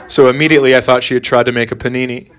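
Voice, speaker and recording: Deadpan stand-up dad, noisy recording. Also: male voice, mid-range voice, very fast. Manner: deadpan, sarcastic. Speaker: stand-up comedian. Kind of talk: stand-up storytelling.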